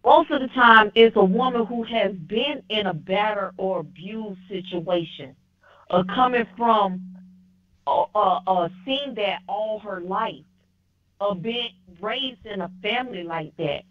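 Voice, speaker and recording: Brief: female caller, slow and opinionated, muffled phone sound. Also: medium pitch. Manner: firm, opinionated, restarts often. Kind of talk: casual call-in phone talk. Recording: dull lo-fi phone line.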